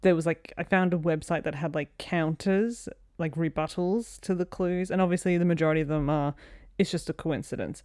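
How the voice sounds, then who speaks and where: A woman with an Australian accent, co-hosting a casual podcast chat. Her voice sits a little low, and she talks chattily with lots of fillers and laughs. The recording is dry and close. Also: steady tone, brisk, a little mellow, no echo. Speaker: podcast co-host.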